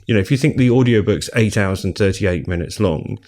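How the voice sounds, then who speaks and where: A man's voice: lowish voice, fairly quick, a little mellow. A middle-aged man co-hosting a book podcast, chatty and rambling, laughing often. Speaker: podcast co-host. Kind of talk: casual chat.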